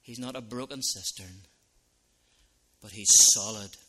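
Male minister preaching slow and earnest, bright forceful voice, goes quiet then loud. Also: lowish voice, breathy edge. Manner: earnest preaching with sudden soft drops and loud rises. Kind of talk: evangelistic sermon.

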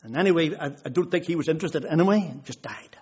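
Guy preaching, husky voice kinda high, gets louder retelling what people said. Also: fast talker. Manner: retells conversations with rising intensity. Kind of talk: sermon testimony.

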